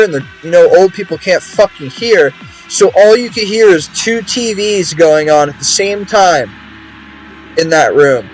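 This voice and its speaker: A man's voice: a little high, poor audio. A young man streaming a game, chatting casually in a rambling, profane way with many restarts. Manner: rambling, profane, repeats words.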